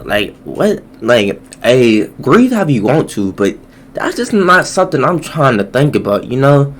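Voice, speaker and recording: A man giving slangy, joking reaction commentary, his voice jumping high when surprised. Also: big pitch swings, measured pace, a little hiss or hum. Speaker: reaction YouTuber.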